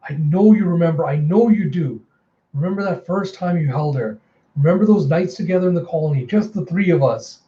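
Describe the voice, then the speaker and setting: A man's voice: on the high side, expressive, moderate pace, a little mellow, highs cut off, close to an everyday voice. A man voicing a desperate caged father who pleads frantically. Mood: pleading.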